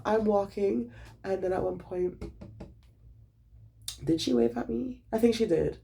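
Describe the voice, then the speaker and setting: Gravelly young man telling a dramatic storytime. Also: sits high, unhurried, a little hiss or hum. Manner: animated, dramatic retelling with lots of swearing. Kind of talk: casual storytime vlog.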